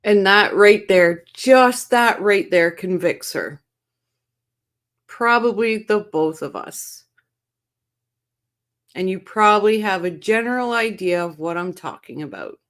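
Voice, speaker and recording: A woman's voice: mid-range voice, expressive, moderate pace, few pauses, fairly bright tone. A woman hosting a true-crime show, casually commenting on trial footage with blunt, sarcastic asides. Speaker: true-crime channel host.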